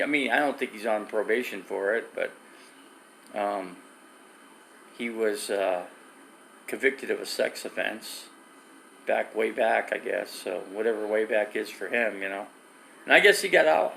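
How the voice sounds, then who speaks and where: A man's voice: lowish voice, vocal fry, bright, forceful tone, slight background noise, low-quality recording. A middle-aged man live streaming from his phone, rambling through stories and reading viewer comments. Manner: rambling storyteller with restarts, reads viewer comments.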